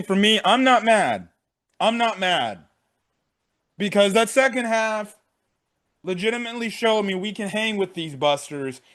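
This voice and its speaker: A man's voice: high voice, a bit bright. A young man giving a frank, profane game recap in casual talk, often repeating himself. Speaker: sports fan vlogger.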